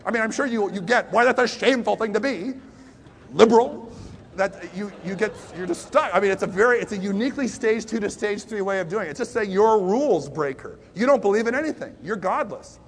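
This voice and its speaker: A man delivers a conversational sermon as a lively storyteller, swinging between hushed and loud emphasis and tossing in self-deprecating asides. His voice sits high, and he talks fast with hardly any pauses.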